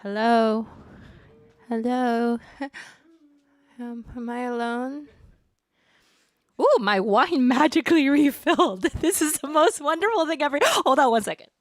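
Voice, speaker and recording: A woman's voice: sits high, expressive, measured pace, pauses often, dry recording. Playful rambling woman on a livestream. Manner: playful, rambling, with frequent laughs and dramatic asides. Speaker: singer on a live-streamed show. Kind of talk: casual chat to a live stream.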